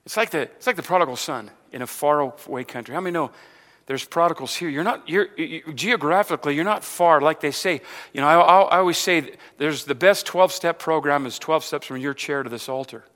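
A male preacher delivering a sermon, asking the congregation rhetorical questions, repeating words and building to loud emphatic passages. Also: fairly quick. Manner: builds to loud emphatic stretches, then drops low. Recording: long hall reverb.

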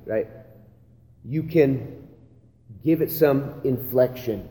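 A man's voice: mid-range voice, lively intonation, a little slow, mellow. Man teaching in a reverberant hall. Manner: conversational, repeats "right?" and "again". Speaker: pastor training other pastors. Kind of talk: church leadership teaching talk. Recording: long hall reverb, faint ambient noise.

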